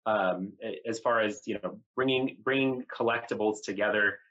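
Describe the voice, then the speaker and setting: A man hosting an interview, asking halting questions full of fillers. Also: on the low side, sharp tone, lo-fi sound. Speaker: host.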